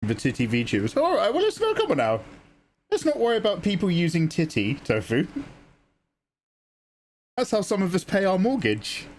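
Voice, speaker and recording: A man's voice: a little high, wildly swooping pitch, moderate pace, long pauses. A young man chatting casually on his art livestream, joking and laughing at his own stories. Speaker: art streamer.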